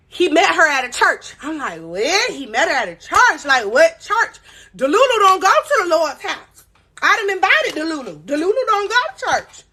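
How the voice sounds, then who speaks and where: On a live stream, an animated young woman with a high voice tells a story casually. She retells it dramatically as the host and reads the chat aloud.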